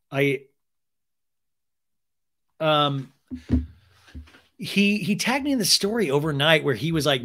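Animated, gossipy male podcast host. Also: mid-range voice. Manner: gossipy, animated, swears, acts out quotes. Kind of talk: casual reality TV recap.

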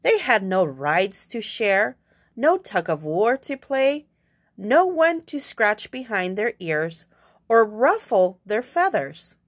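Young woman, picture-book read-aloud, slow and expressive, asides to listeners. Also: mid-range voice. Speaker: storyteller.

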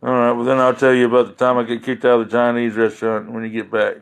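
A man's voice: mid-range voice, monotone, quick pace, vocal fry, clear, resonant tone. A man chatting casually on a live stream, rambling and joking, with frequent laughter. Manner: rambling and jokey, laughing often.

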